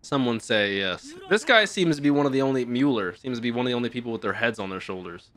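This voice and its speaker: A young man hosting an anime reaction, talking in casual slang with some swearing, swinging from hushed awe to loud excited outbursts. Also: medium pitch, fast talker. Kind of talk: live reaction commentary.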